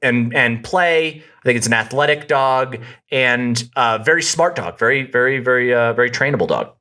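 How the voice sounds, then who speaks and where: A man co-hosts a comedy podcast, joking in casual chat and often restarting or trailing off mid-sentence. His voice is medium-pitched and sharp-toned, at a moderate pace.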